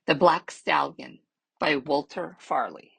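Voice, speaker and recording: A woman reading a children's novel aloud as a library storyteller, steady and measured, with soft trailing endings. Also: deep voice, gravelly, breathy edge, poor audio.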